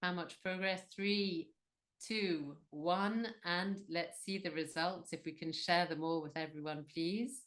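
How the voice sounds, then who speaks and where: A woman's voice: on the low side, steady tone, normal speed, few pauses, a bit bright. A woman moderating an online business webinar, upbeat and encouraging, with many fillers.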